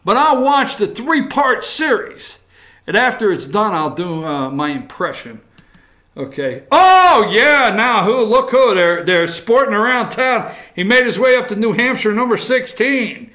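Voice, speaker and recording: A man hosting a morning talk show, reading headlines aloud and joking about them in a casual, animated way. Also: sits high, measured pace. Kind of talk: casual political commentary.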